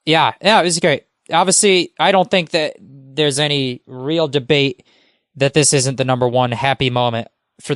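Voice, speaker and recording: A man's voice: medium pitch, fairly bright tone, no room sound, studio quality. A man who is a guest on a podcast, talking casually and with enthusiasm, rambling and using many fillers.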